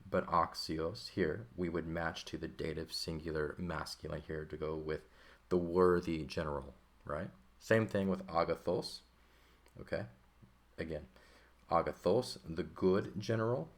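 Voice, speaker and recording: A man's voice: sits low, steady tone, measured pace. A man teaching a recorded textbook lesson, explaining patiently and checking in often with "okay" and "right". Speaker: Greek teacher.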